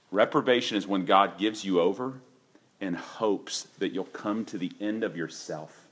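Male pastor, sermon delivery, low-pitched and forceful, conversational with bursts of shouted dramatization. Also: slightly rough. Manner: conversational preaching, questions to the congregation; acts out voices with sudden loud shouts.

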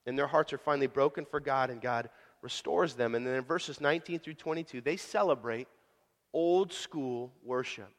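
A man preaching a sermon in a casual, folksy way, telling the story with sudden loud swells and quiet drops. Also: medium pitch, moderate pace. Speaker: pastor. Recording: long hall reverb.

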